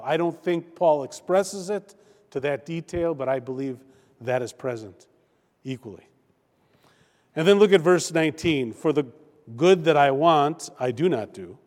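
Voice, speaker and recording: A male pastor preaching a sermon in a church, slow and emphatic with deliberate pauses. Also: fairly high pitch. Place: church sanctuary. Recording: long hall reverb.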